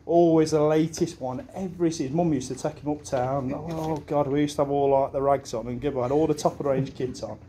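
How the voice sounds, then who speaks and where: A man's voice: on the high side, fairly even intonation, brisk, few pauses, dark tone, slight background noise. A young man giving a best man speech at a wedding, rambling through anecdotes and laughing at his own stories, swearing casually. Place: wedding reception room.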